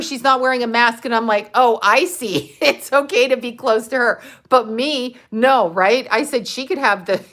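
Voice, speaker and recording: A woman's voice: medium pitch, a bit bright. A middle-aged woman hosting a casual livestream from her phone, chatty, laughing often and swearing casually. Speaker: livestream host. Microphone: handheld phone.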